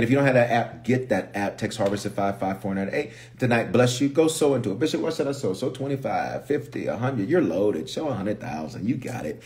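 A man, a pastor, chatting casually on a livestream and reading viewer comments aloud with lively energy. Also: medium pitch.

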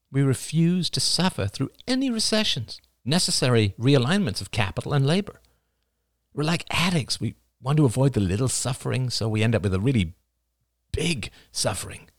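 A man's voice: medium pitch, no echo, studio quality, pitched above the performer's own voice. A man voicing Oliver, an earnest young man lecturing his friends with growing intensity about coming collapse.

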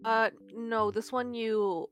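A woman's voice: fairly high pitch, steady tone, slow pace, faint music behind. A young woman co-hosting a casual gaming podcast, joking about herself, swearing freely and laughing. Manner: self-deprecating, sweary, laughing. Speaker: podcast co-host. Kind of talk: casual chat.

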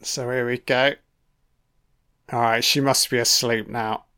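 Sweary film commentator. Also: male voice, mid-range voice, little pitch movement, unhurried, pushed and bright, clear, resonant tone. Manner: profane, sardonic running reactions. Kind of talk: casual audio commentary.

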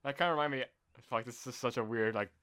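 A young man co-hosting a casual podcast, talking in an animated way with lots of laughs, fillers and restarts. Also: mid-range voice, fast, clean tone. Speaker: podcast co-host. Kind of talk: casual chat.

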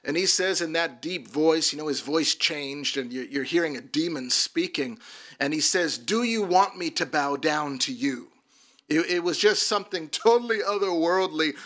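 A man's voice: fairly high pitch, moderate pace, pushed and bright. A man who works as a minister, telling his personal testimony earnestly and often repeating words as he restarts a sentence.

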